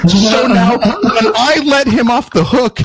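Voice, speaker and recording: This man has a very high, husky voice and speaks at a slow pace. He relates a long podcast story in casual, profane language, animatedly voicing what people said and cursing frequently.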